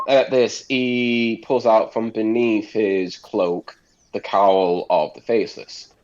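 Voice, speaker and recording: A man's voice: on the low side, fairly even intonation, takes it slowly, a little mellow, muffled recording. A man playing a tabletop game, narrating his character's actions in a chatty way. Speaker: player.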